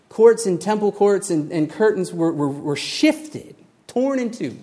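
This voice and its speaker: A man preaching a sermon, telling a story with lively acted-out voices, building to emphatic points. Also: high-pitched, a little slow. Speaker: pastor.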